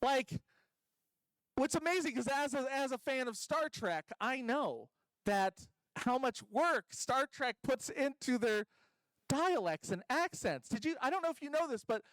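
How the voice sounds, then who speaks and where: A man's voice: very high voice, expressive, a little slow, a bit bright, dry recording, rough recording. A man doing a stand-up comedy set at a convention stage, rambling and self-deprecating, full of ums and restarts.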